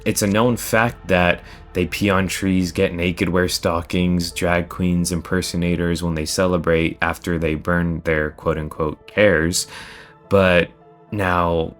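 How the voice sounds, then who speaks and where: A man's voice: sits low, level tone, slow pace, a bit bright, soft background music. A man commenting on the topic in a video, speculating and asking himself questions as he talks. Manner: speculative, asks questions of his own. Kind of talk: opinion commentary.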